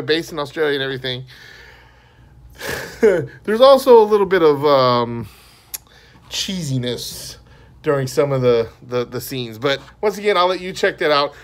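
A man's voice: a little high, animated, moderate pace. A man hosting a podcast, giving a casual, rambling movie review. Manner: rambling and conversational. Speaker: podcast host.

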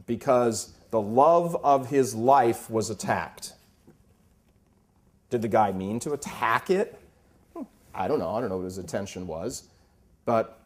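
Man, 50s, Catholic speaker, emphatic preaching talk, storytelling, lowish voice. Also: moderate pace.

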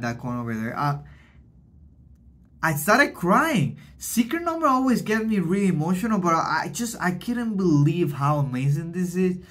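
A reaction host in casual vlog talk, feeling sick but gushing and excitable, whooping and shouting at times, in a bedroom. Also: mid-range voice. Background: faint music from the video being reacted to.

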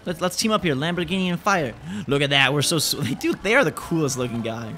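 A young man giving excitable let's-play commentary as a gaming channel host, exclaiming and repeating himself. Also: fairly high pitch, a little fast, soft background music. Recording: noticeable background noise.

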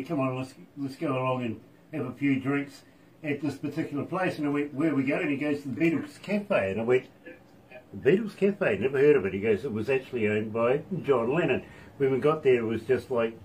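A man's voice: mid-range voice, far from the mic, a little hiss or hum, rough recording. A man hosting a radio interview, chatting casually and joking, laughing often, in a radio studio. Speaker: radio host.

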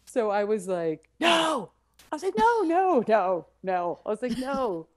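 A woman comedian telling a comic story over a video call, acting out the dialogue with animated delivery. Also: mid-range voice, normal speed.

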